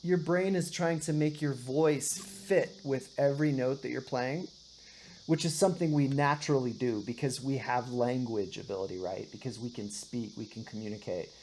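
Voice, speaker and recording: A woman's voice: extremely low pitch, moderate pace, darkish tone, a little hiss or hum. A woman teaching a one-on-one guitar and singing lesson, patiently explaining and often checking in with "right?". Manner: patient, explains with many "right?" checks, sings short demonstrations.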